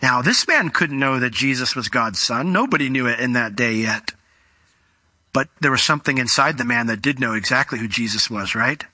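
A male preacher giving an animated expository sermon, explaining what words mean and asking rhetorical questions. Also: medium pitch, normal speed, dry recording.

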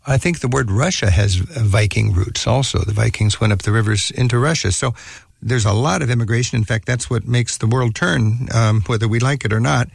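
A man's voice: medium pitch, fairly quick, creaky, breathy edge, no echo, clean studio sound. A man hosting a radio travel show and interviewing a guest, musing with enthusiasm.

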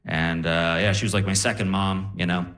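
A young man doing a stand-up set on a live stage, telling stories in a lively, animated way. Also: sits low, fairly quick. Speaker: stand-up comedian. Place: live comedy stage with audience.

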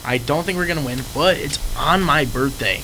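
A man's voice: a little high, moderate pace, noisy background. A man co-hosting a casual sports podcast, talking in a laid-back, rambling way. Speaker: podcast co-host.

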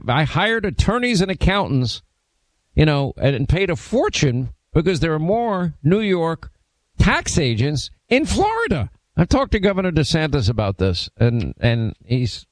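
A man hosting a talk radio show, telling stories and acting out quotes in an animated way. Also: a little high, normal speed, dry recording. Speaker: radio host. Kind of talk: casual talk show banter.

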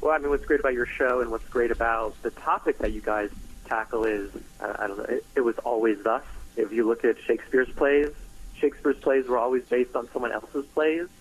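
A man guest muses in a thoughtful way. His voice is husky and sits at a middle pitch. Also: fairly even intonation, brisk, poor audio.

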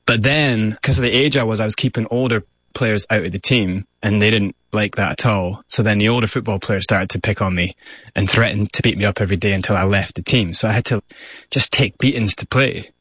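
A Scottish man in his thirties recounts hard memories with candid, animated storytelling. His voice sits low and husky. The sound is dry and close, with little room. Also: brisk, no room sound. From Scotland, raised in South Africa. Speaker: interview guest. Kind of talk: personal storytelling.

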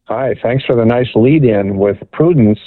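A man's voice: medium pitch, moderate pace, no echo. A man calling in to a radio show, speaking earnestly and conversationally. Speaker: caller. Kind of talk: call-in comment. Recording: tinny phone line.

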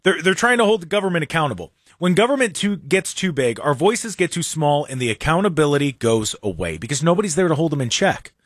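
Sarcastic fast-talking male host. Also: fairly high pitch, animated, dry recording, studio quality. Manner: sarcastic, mocking. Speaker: talk show host. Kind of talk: political commentary.

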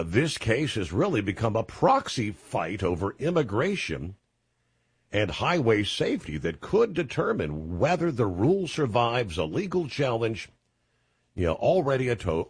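A man hosts a talk radio show, his voice low and a little husky. His pitch moves in a wide, animated way as he gives folksy, opinionated commentary. The mic is close and dry, with no room sound. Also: dry recording. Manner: folksy, opinionated, lively delivery with fillers.

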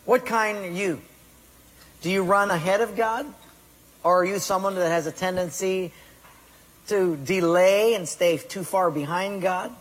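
A man's voice: high-pitched, measured pace. A man preaching a sermon and asking the congregation direct questions. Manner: asks the congregation questions, tells a joke with acted voices. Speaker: pastor. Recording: echoey hall reverb.

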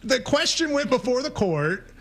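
Brief: high-pitched male talk host, assertive and dryly teasing. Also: sing-song, normal speed, a bit bright. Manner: assertive, wry. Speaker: sports radio host. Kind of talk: sports talk radio.

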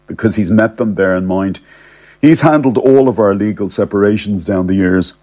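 A man narrating a comic first-person story in a wry, deadpan, chatty way. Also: lowish voice, normal speed, highs cut off.

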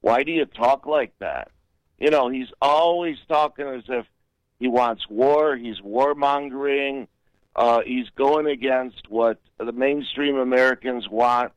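A man's voice: mid-range voice, a little slow, no room sound, rough recording. A man calling in to a radio talk show, earnest and indignant, pressing his point insistently. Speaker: caller.

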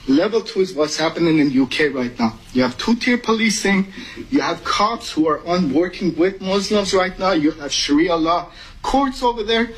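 A man's voice: high-pitched, lively intonation, normal speed, fairly bright tone, breathy edge, poor audio. A man from Iran giving urgent, emotional public testimony at a podium microphone. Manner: urgent, emotional, rising to pleading. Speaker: public commenter at a meeting.

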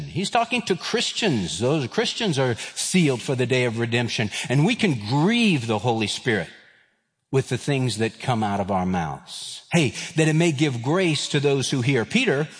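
A man's voice: mid-range voice, breathy edge. Man in his fifties preaching in a hall. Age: 50s. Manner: storytelling, acts out voices, self-deprecating humor. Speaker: pastor. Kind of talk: sermon with personal story.

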